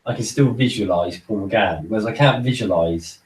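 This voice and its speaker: A man's voice: fairly low pitch, normal speed. A man chats on a casual podcast and rambles, stumbling over repeated words as he gathers his thoughts. He sits back from the microphone, so his voice sounds distant. The room adds a noticeable echo. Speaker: podcast co-host. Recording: roomy echo, far from mic.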